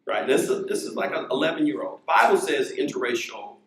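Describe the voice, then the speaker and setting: A man moderating a university panel, telling family stories in an animated way before putting a question to a panelist. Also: a little high, fairly quick, reverberant, low-quality recording. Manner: animated, acts out quoted voices. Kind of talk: storytelling then posing a question. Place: lecture hall.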